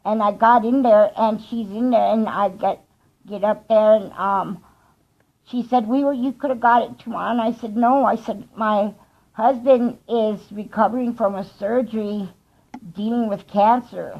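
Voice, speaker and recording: A woman telling a personal story in a heartfelt vlog, slow and earnest, with soft laughs between thoughts. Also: fairly high pitch, steady tone, dull audio. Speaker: vlogger.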